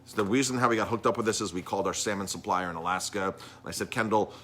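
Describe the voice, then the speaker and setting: A man's voice: fairly low pitch, racing, fairly bright tone, slight background noise. A middle-aged man, a chef and restaurant owner talking casually on a live stream, rambling with lots of ums and restarts.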